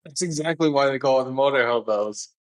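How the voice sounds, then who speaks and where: Talking fast at a medium pitch, a man co-hosts a casual podcast, wandering through the conversation with lots of filler words. The sound quality is poor.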